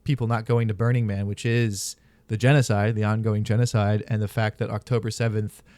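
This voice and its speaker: A man's voice: fairly low pitch, flat delivery, a little fast, darkish tone, no echo. Dry-sounding man hosting a podcast. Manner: candid, profane storyteller. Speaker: podcast host. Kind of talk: casual chat.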